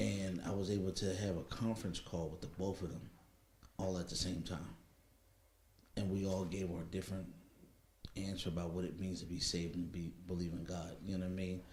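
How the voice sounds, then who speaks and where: A man's voice: low-pitched, little pitch movement, a little fast, darkish tone. A middle-aged man in casual chat, telling his story in a reflective way and often asking "you know what I mean.". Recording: echoey room, faint background noise.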